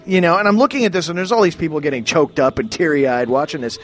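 A man's voice: fairly high pitch, fast, a bit bright. A man from Canada ranting in a rambling, profane way, with many restarts and sudden exclamations. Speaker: ranting commentator.

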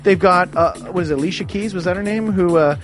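A man's voice: sits high, fast talker, faint music behind. A man from Canada ranting in a rambling, profane way, with many restarts and sudden exclamations. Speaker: ranting commentator.

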